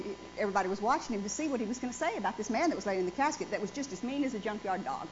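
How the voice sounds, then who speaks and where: A woman in her forties preaching a sermon in a church, speaking emphatically and putting questions to the congregation. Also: mid-range voice. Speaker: pastor. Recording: dull lo-fi sound with faint noise.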